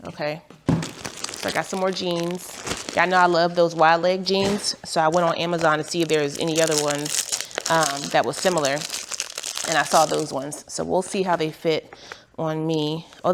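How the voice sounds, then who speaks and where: A woman's voice: low voice, background noise. A woman vlogger chatting casually at home while unboxing packages, rambling and laughing at herself, with a lilt. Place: home, on the couch.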